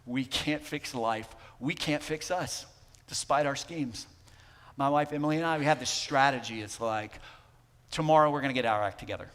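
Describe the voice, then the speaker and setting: A man preaching a sermon as pastor, talking conversationally and swinging between emphatic lines and hushed ones. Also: medium pitch, normal speed, in a large hall. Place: church sanctuary.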